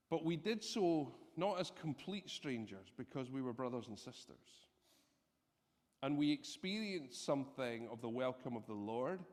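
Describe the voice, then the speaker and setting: A man preaching a sermon, telling a personal story in an animated, self-deprecating way. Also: mid-range voice. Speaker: pastor. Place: church hall. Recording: long reverb from a church hall.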